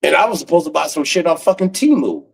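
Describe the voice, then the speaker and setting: A man in his forties doing a profane comedic rant on a livestream, breaking into cackles and swinging from loud outbursts to low mutters. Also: expressive, fast, vocal fry, slightly rough, poor audio. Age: 40s.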